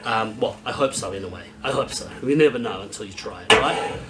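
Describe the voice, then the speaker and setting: A man's voice: fairly low pitch, brisk, very noisy. A man hosting a casual, unscripted whisky review, rambling and blunt, swearing freely.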